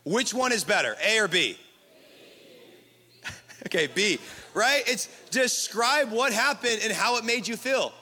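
A man preaches to a packed room, his voice bright and forceful, with a long reverb trailing each line through the hall. He talks casually and keeps the crowd involved, calling out for them to repeat after him. His pitch sits slightly high for a man. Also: measured pace, long pauses. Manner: energetic, leads the crowd in call-and-response. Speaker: pastor. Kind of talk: sermon. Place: large hall with live audience.

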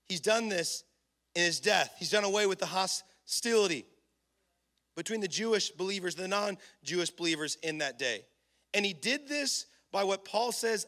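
High, bright-voiced animated preacher, a man. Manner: animated preacher, acts out little scenes, shouts for emphasis. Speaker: pastor. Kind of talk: sermon.

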